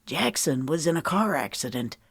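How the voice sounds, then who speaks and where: A steady, soft-spoken man who is a former Navy SEAL and a devoted husband, voiced by a woman reading an audiobook. His lines come low and murmured, in a deep, dry voice with a slightly different colour from the narration. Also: a little slow, vocal fry, no echo. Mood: shaken.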